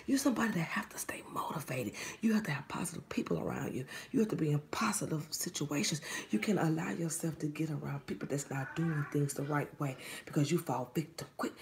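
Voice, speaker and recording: Low, gravelly woman giving a spiritual reading. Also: expressive, fast talker, few pauses, a little mellow, slight background noise. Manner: preachy, slipping into whispers; talks straight to a listener. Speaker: psychic reader.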